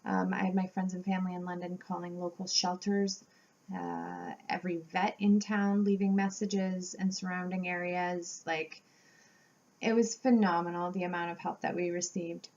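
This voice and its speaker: A woman vlogger telling a storytime tale in a casual, animated way, acting out the voices of people she quotes. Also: on the low side, moderate pace, highs cut off. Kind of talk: storytime vlog.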